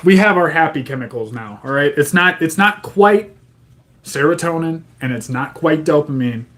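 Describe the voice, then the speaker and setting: A man's voice: on the high side, lively intonation, normal speed, a bit bright. A man streaming live, reading to his chat and breaking into profane, exasperated rants that stay angry but joking.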